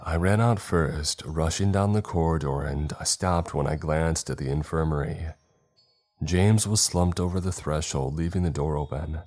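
A man narrating a first-person horror story in a tense, measured way. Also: very deep voice, darkish tone, faint music behind.

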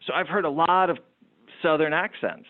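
Middle-aged male business-owner guest, lively anecdote-teller who stumbles over repeated words, heard through a thin phone-like line. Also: a little high, moderate pace. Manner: animated, repeats words while telling anecdotes. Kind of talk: interview storytelling. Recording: phone-like narrow sound.

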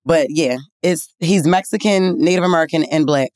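A woman, telling a story in animated, slangy casual chat, often laughing as she talks. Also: low voice, normal speed, dry recording, clean studio sound. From Baltimore. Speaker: podcast co-host.

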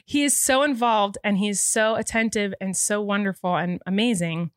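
A woman's voice: mid-range voice, steady tone, moderate pace, no echo, clean studio sound. A woman in her thirties hosting a podcast, teary and rambling earnestly in casual chat. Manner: rambling, earnest, with frequent restarts. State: teary, emotional. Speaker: podcast host. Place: indoor podcast studio.

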